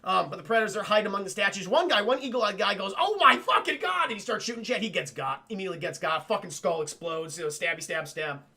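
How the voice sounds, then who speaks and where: A young man with a high-sitting voice and a sharp tone talks quickly, hardly pausing, as he recaps a film on a livestream. He rambles and swears in casual chat, constantly speaking straight to his chat.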